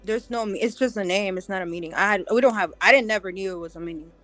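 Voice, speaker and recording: A woman's voice: medium pitch, fast, sharp tone, faint music behind. A woman who speaks English, explaining earnestly in casual podcast chat. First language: Spanish. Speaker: podcast co-host.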